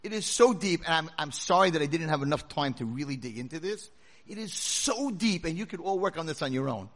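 A rabbi giving a sermon to a room of listeners, telling stories dramatically and swinging from a hush to full shouts. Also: male voice, fairly high pitch, expressive, fairly quick. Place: lecture hall with audience.

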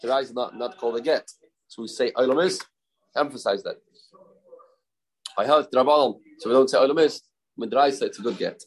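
A man's voice: mid-range voice, quick pace, poor audio. A man teaching a daily Talmud class, mixing English with Hebrew and Aramaic terms and asking rhetorical questions.

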